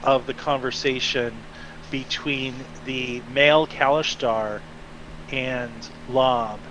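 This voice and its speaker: A man narrating a tabletop game as game master, relaxed and hesitant with many fillers, on a muffled lo-fi mic. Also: mid-range voice, slow, slight background noise.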